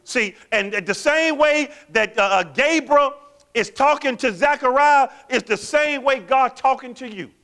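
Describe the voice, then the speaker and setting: Man, pastor, sermon, bright forceful tone, call-and-response questions. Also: very high voice, unhurried. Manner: animated, quizzes the congregation with call-and-response questions.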